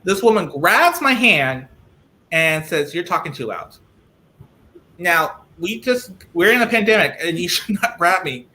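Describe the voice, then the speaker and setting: A man being interviewed over a video call, who often restarts his sentences while he searches for words and says he talks loudly. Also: high-pitched, expressive, measured pace. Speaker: guest. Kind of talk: live-streamed interview.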